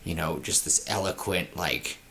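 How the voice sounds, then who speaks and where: A man's voice: sits low, a little slow, a little hiss or hum. A man co-hosting a podcast, casually brainstorming a story and acting out its scenes. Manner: animated, acts out scenes. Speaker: podcast co-host.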